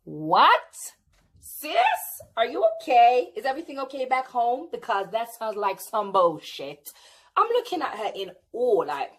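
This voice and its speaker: A woman's voice: on the high side, unhurried. Sassy British woman telling a story. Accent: British English. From England. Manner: animated, indignant and sassy storytelling. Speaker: vlogger. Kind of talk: storytime vlog.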